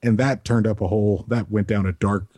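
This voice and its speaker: A man with a low, husky, mellow voice chats casually on a soccer podcast. He drifts into joking tangents and long asides. The sound is dry and close, with no room around it. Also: fairly even intonation, brisk, no echo. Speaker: podcast co-host.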